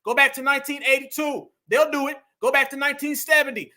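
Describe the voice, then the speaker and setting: Speaking a little fast in a very high-pitched, bright, forceful voice, a commentary host launches into a heated monologue. He repeats himself for emphasis and calls the audience family.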